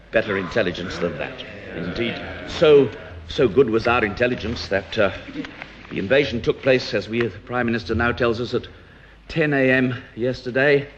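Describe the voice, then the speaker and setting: A man speaking in a parliamentary debate as an opposition politician, rhetorical and emphatic, with pauses and restarts. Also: mid-range voice, a bit bright, a little hiss or hum. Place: House of Commons debating chamber. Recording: dull archive parliamentary broadcast.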